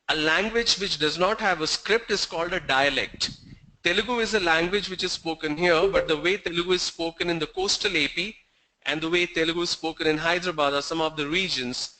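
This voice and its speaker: A man's voice: on the high side, pushed and bright, low-quality recording. A man with an Indian English accent, giving a classroom lecture and explaining step by step, often repeating himself and asking students questions. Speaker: teacher.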